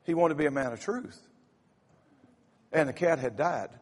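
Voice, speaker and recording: A man's voice: on the high side, moderate pace, breathy edge. A male pastor preaching a humorous sermon in a folksy way, rallying the congregation with lots of "uh"s. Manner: folksy, rallies the congregation, stutters in repeated "uh". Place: church sanctuary. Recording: church sound with long reverb.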